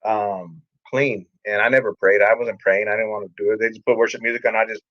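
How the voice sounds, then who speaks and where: A man who pastors and appears as a podcast guest shares his life story candidly and in a streetwise style, acting out what people told him. His voice is on the low side, steady and brisk, and the audio is dull, with no room sound.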